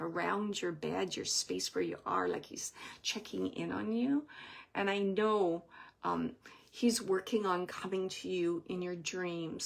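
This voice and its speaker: A woman giving a live spirit reading to an audience member, speaking gently and wandering through her impressions with soft asides. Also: mid-range voice, creaky. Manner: gentle, meandering, relays messages with soft asides.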